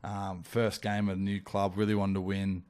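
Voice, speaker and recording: An Australian man recounts his story in a laid-back, blunt way, with slang and swearing. His voice sits low and moves little in pitch, so it sounds even and level. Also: normal speed, smooth. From Australia (Wollongong). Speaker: podcast guest, rugby league player. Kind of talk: casual storytelling.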